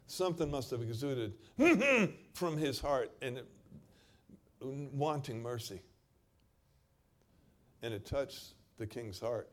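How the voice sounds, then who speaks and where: A man delivers a sermon, reading scripture aloud dramatically and shifting between loud stretches and quiet emphasis. His medium-pitched voice is expressive, and he takes it slowly with long pauses.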